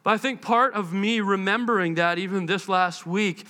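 A man preaching a sermon in a conversational, animated way, acting out the quotes he tells. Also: high voice, moderate pace, long reverb tail. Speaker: pastor.

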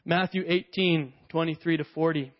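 A man's voice: on the high side, fairly even intonation, normal speed, dull audio. A man preaching a sermon in a conversational way, acting out the characters of a parable as he retells it.

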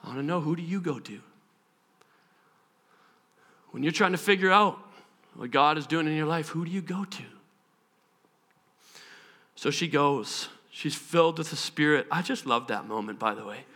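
Man, sermon, animated preaching, sharp bright tone. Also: on the high side, moderate pace. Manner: animated, acts out scenes with sudden shouted voices. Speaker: pastor.

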